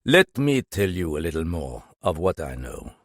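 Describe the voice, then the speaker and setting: A man's voice: very deep voice, wildly swooping pitch, moderate pace, no room sound, studio quality, pitched below the performer's own voice, heavily acted. A man voicing a shrewd police magistrate in an audiobook, probing and pointed. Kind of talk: audiobook character voice.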